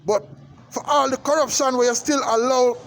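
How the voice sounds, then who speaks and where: A Jamaican man vlogging to camera delivers an impassioned political rant in an extremely high voice with fairly even intonation at a moderate pace. He's emphatic and repetitive, using frequent tag questions to check in with his listener, over a noisy background.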